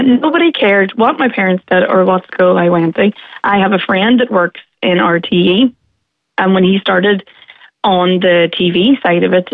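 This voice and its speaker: Over a tinny phone line, a Derry woman with a local accent speaks forthrightly and passionately as a caller to a radio phone-in. Her voice is medium-pitched and the recording is dry.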